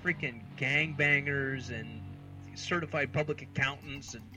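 A man's voice: medium pitch, measured pace, music in the background, rough recording. A man in his thirties from the United States, a podcast co-host telling rambling, exasperated, self-mocking comic stories. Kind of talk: casual comedic storytelling.

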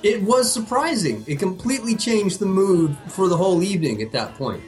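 A man co-hosting a casual podcast tells a story briskly, his pitch swinging widely. He's animated and profane, often laughing at his own tale, with faint music under his voice.

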